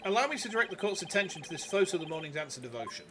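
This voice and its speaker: An earnest young defense lawyer presses his case, read by a man in his own voice. The delivery is high and animated, with game music loud in the background. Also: very fast. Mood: determined. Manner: earnest dialogue reading.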